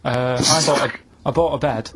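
A man, a radio show regular, telling a rambling story in a deadpan way during casual studio banter. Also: medium pitch, normal speed, background noise.

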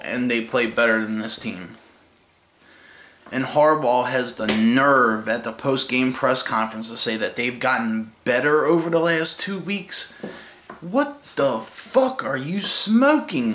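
Forceful and bright, a mid-range male voice tears into his football team, swearing and mocking in a heated rant. The vlog is recorded in an echoey room with a little background noise.

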